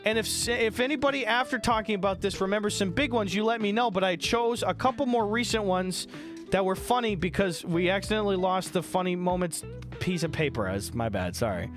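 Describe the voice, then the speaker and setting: A man on stream tells stories to his chat in a loose, animated, profane way, laughing as he goes. His voice is high-pitched and fairly quick, with music playing behind it.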